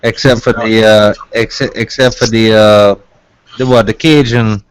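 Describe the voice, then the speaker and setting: A man's voice: on the low side, fairly even intonation, a little slow, clean tone, no room sound. A man in casual voice chat, joking, swearing and needling the others. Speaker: voice chat participant.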